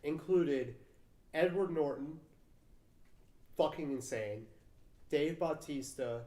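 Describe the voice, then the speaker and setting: A man's voice: fairly high pitch, takes it slowly, dark tone. A young man co-hosting a casual film chat podcast, rambling and swearing, with lots of fillers. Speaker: podcast co-host. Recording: roomy echo.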